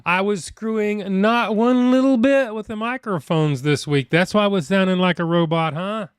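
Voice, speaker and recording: A man's voice: high-pitched, moderate pace, smooth. A man hosting a live stream, chatting casually with viewers and muttering to himself while fixing his audio.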